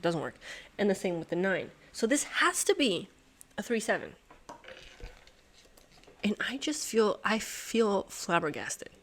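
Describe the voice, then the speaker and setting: An excitable woman works through a puzzle out loud, talking to herself and her viewers. Her pitch swings up and down a lot, and she swears and laughs in disbelief. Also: measured pace, pauses often. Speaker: host solving a sudoku puzzle. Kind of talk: thinking aloud while solving a puzzle.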